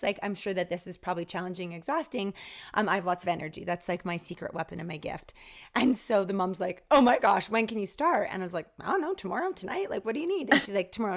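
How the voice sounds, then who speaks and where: A woman guest on a podcast telling a personal story in casual talk, acting out quoted dialogue with lively shifts. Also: medium pitch, fast talker. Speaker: podcast guest, author and speaker.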